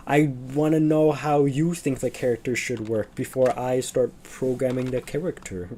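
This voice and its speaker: A man's voice: mid-range voice, steady tone, unhurried, mellow, a little hiss or hum. Rambling, chuckling male streamer. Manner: rambling, chuckling, self-deprecating. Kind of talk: casual live game commentary.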